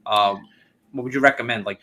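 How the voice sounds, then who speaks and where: A man's voice: on the low side, a little fast, sharp tone. A man hosting a casual live-stream interview, chatty and loose, with many "like" and "um" fillers. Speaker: host.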